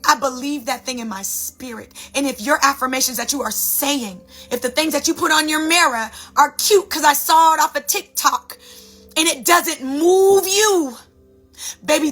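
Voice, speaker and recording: A woman talking as a sound healer, animated and preachy, giving a dramatic motivational spiritual talk. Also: high voice.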